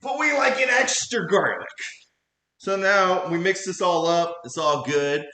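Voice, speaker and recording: A man's voice: high-pitched, expressive, measured pace, sharp tone, roomy sound. A man chatting casually with his live chat while cooking at home, goofy and laughing often. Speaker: cooking streamer. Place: home kitchen.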